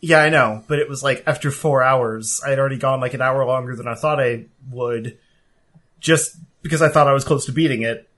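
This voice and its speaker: Rambling relaxed man chatting. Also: mid-range voice, a little fast. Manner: rambling, filler-heavy, relaxed. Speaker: podcast co-host. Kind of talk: casual chat.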